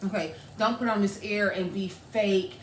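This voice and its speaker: Woman, 30s, casual co-host, heartfelt and animated, echoey room. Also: medium pitch, normal speed. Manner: heartfelt, animated, laughs easily. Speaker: podcast co-host. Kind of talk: casual chat. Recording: echoey room with faint noise.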